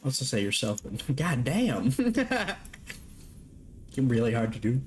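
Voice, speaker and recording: A man's voice: mid-range voice, very animated, takes it slowly, slight background noise. A young man streaming a game from home, chatting loosely with his audience, swearing casually and laughing often. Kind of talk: casual live-stream chat while gaming.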